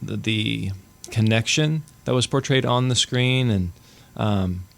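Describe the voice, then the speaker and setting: A man hosting a podcast in relaxed, casual chat, joking and laughing often. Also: lowish voice, takes it slowly, gravelly. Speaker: podcast host.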